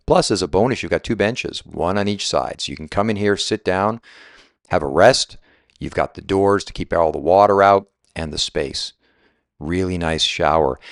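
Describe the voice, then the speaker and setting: Chatty deep-voiced man touring a house. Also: dry recording, clean studio sound. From Southwest Florida resident. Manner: enthusiastic, chatty, self-deprecating, keeps saying right. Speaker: real estate agent giving a home tour. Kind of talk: walking home tour vlog. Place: walking through a house and outdoors by a pool.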